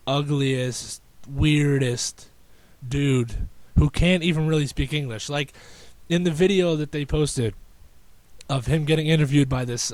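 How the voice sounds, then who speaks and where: A young man talks through a casual solo podcast, rambling from one thought to the next with sarcastic asides and frequent stops and restarts. His voice sits at an ordinary middle pitch. The recording is dry and close, with no room sound. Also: dry recording. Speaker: podcast host.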